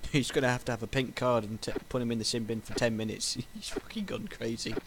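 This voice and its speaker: A man's voice: mid-range voice, noisy background. A man streaming a game, bantering casually with lots of swearing and laughter. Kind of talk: casual gaming commentary.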